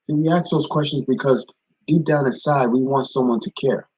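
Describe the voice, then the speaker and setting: A man's voice: medium pitch, moderate pace, darkish tone, breathy edge, no echo, low-quality recording. A man giving a casual spoken devotional, repeating phrases and greeting viewers by name. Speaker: ministry speaker. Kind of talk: live-streamed devotional talk.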